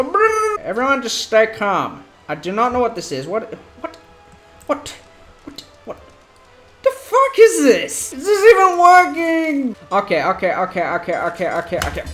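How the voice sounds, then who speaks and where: A man playing a video game and commenting, doing a bad put-on action-hero movie star accent, mock-heroic and prone to swearing and yelling outbursts. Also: high voice. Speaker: gamer. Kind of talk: let's play commentary.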